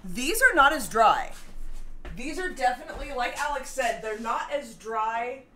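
A woman with a bright, forceful, fairly high voice co-hosts a casual baking livestream. She reads out viewer comments and teases them with frequent giggles. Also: expressive, a little slow, slight background noise. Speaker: cooking show co-host.

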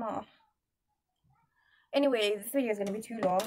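A woman's voice: medium pitch, brisk, noisy background. A young woman telling a story to camera in a casual vlog, indignant and rambling, with many restarts. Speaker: vlogger.

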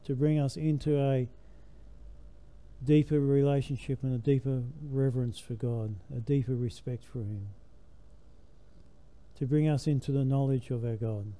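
A man's voice: medium pitch, fairly even intonation, normal speed, pauses often, warm tone. An older man preaching a sermon in a church, emphatic, his voice rising and falling with the message.

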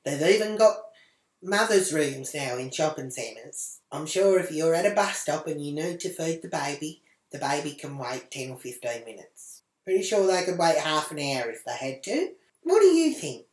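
A brash, foul-mouthed Australian woman rants to camera in a fairly low voice. She talks crudely and swears without a second thought. The sound bounces around a small echoey room at home. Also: big pitch swings, normal speed, a little mellow. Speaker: vlogger.

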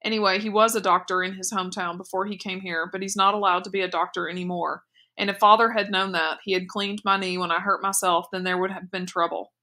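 A woman's voice: medium pitch, steady tone, fast talker, pushed and bright. Woman voicing eager young boy Bruno.

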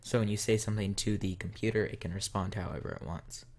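A man's voice: on the low side, quick pace, darkish tone. A man hosting a casual coding tutorial, talking step by step while he types. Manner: talks step by step while typing. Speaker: tutorial host.

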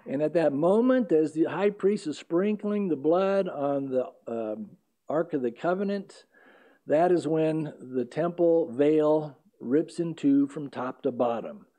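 A male pastor preaching an earnest expository sermon, pausing on fillers and correcting himself as he goes. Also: fairly high pitch, mellow. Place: church sanctuary.

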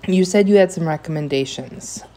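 A woman's voice: low voice, brisk, mellow, voice pushed up, close to an everyday voice. A woman reading aloud voices an uncomfortable, impatient father with a firm, clipped manner. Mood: gruff. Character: uneasy father, gruff and impatient.

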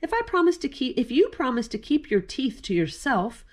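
A woman's voice: high voice, big pitch swings, moderate pace, pitched above the performer's own voice. A woman voicing a kind, sensible female groundhog in a storybook read-aloud, cheerful and lightly bossy. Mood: patient.

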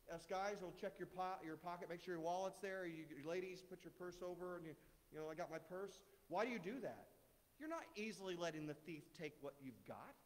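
A middle-aged man delivers a sermon in a relaxed, joking manner, his voice a touch higher than most men's. He keeps asking the congregation rhetorical questions. His words trail off into the long reverb of a church sanctuary. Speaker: guest speaker.

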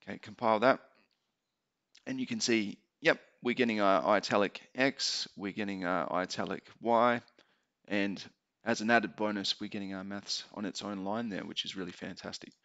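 A low, gravelly male voice walks through a maths tutorial at an easy pace, thinking aloud as he types. The recording is muffled and lo-fi, like a basic home microphone. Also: moderate pace. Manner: relaxed explaining, thinking aloud while typing. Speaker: maths teacher. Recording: dull lo-fi home mic.

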